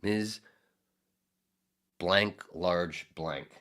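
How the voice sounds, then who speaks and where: A man's voice: low voice, very slow, fairly bright tone. A man hosting a casual podcast, reading out chat comments and rambling through crude, profane jokes. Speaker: podcast host.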